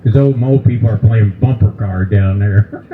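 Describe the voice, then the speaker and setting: Heard through phone-quality sound with a noisy background, a man in his seventies performs stand-up at a brewery for a live crowd. His voice sits on the low side at a moderate pace, and his folksy act teases the audience and pokes fun at old age.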